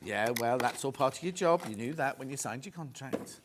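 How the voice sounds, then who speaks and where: A man's voice: mid-range voice, animated, brisk, noisy background. A British man presenting a live sewing shopping show, chatty and teasing as he reads out prices and viewer messages in a TV studio.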